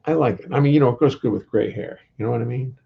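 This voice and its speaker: Gravelly older man, rambling wry chat. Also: mid-range voice, quick pace, lo-fi sound. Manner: rambling, wry, greets viewers by name. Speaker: musician hosting a home livestream. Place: his home.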